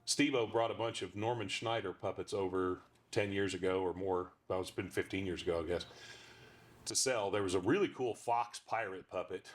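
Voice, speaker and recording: A ventriloquist and voice actor talks casually in an interview. His voice sits fairly low. He tells his stories in a loose, rambling way and pauses often on fillers. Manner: rambling storyteller with frequent fillers.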